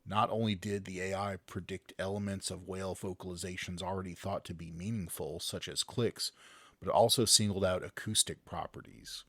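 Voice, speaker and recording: A man's voice: deep voice, fairly even intonation, brisk, a bit bright, dry recording. A man co-hosting a podcast, reading a science article aloud and stumbling over words, then joking with friends. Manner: reads articles then jokes, slips on words. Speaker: podcast co-host. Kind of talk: casual chat, reading news aloud.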